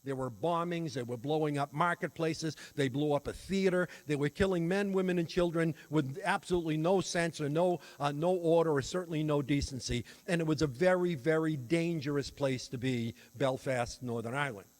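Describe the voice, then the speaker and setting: A man's voice: on the high side, normal speed, hardly any pauses, darkish tone. An older man giving a workshop talk on teaching children, telling a personal story in an earnest, reflective way. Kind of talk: storytelling lecture.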